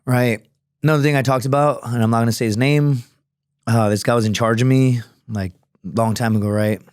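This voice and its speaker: Swearing freely and leaning on fillers, an ex-Marine and fighter rambles through a story on a podcast. The voice is mid-range, steady and darkish, moving fairly quickly; the studio recording is dry and clean.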